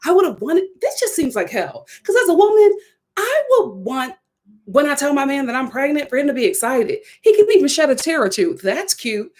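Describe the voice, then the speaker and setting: A woman's voice: high voice, normal speed. A woman, casually and expressively reviewing a reality TV episode. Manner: animated, expressive, breaks into laughter and quoted voices.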